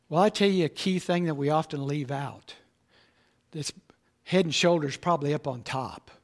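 A man preaching a sermon, emphatic and repetitive, slowing down to stress key words. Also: high voice. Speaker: pastor.

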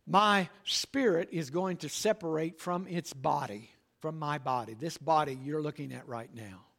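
High gravelly preaching older man. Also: a bit bright. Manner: emphatic preaching, slowing for key phrases, frequent "all right?". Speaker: pastor. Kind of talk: sermon.

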